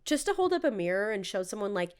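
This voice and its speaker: A young woman co-hosting a podcast, telling animated stories in casual chat, acting out quotes and laughing often. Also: medium pitch, fast talker, clean tone. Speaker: podcast co-host.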